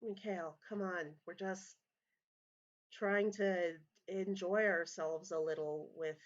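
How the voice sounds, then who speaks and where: A woman voicing Marie, a gentle woman who coaxes a cranky friend in a soft voice. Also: lowish voice, steady tone, slow. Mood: pleading. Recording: slightly dull lo-fi audio.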